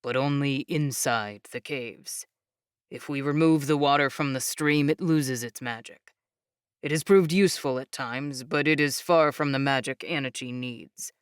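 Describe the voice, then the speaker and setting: A woman voicing a calm young man who patiently explains things in a low, measured voice. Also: clean tone, no room sound, clean studio sound. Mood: explaining.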